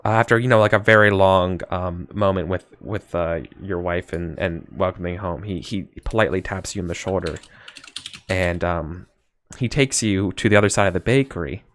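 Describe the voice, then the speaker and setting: Halting low-voiced male game master. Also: fairly bright tone. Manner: hesitant, halting with many "um"s and restarts. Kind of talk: running a tabletop game session.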